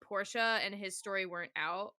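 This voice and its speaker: A young adult woman co-hosting a casual podcast chat, animated and quick to laugh, swearing freely as she tells stories. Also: medium pitch, no echo, clean studio sound. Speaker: podcast co-host.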